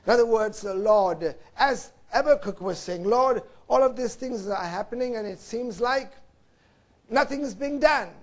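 A man preaching a sermon, swinging from loud emphasis to hushed low tones and often addressing his listeners as brothers and sisters. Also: moderate pace.

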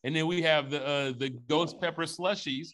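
Brief: male podcast co-host, slightly high, bright and forceful, profane joker. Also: steady tone, moderate pace, a little hiss or hum. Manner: joking, profane, riffing on bits. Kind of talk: casual comedic debate chat.

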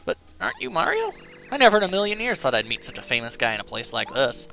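A man voicing a perky, strong-willed young female Bob-omb in a video game, raised in pitch and chirpy. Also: wildly swooping pitch, fast talker, creaky, pushed and bright, faint music behind, full character voice. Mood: eager, chirpy.

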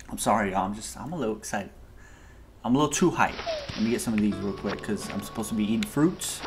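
Hyped male gamer narrating his play, slangy and loud about it, game music underneath. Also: fairly low pitch, fairly quick. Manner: excitable, talks to viewers as "y'all", slangy. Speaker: gaming video host. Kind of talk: casual let's-play commentary.

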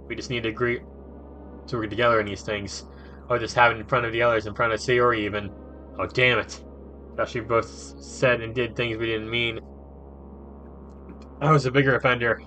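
A man reading a visual novel aloud for his gaming channel, with swearing and quick reactions. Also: medium pitch, bright, forceful tone.

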